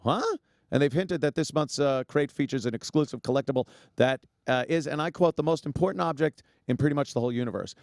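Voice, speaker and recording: A man's voice: fairly high pitch, fast talker, dry recording, studio quality. A man hosting a casual talk show, joking around and doing a rambling live ad read with frequent laughs. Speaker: podcast host.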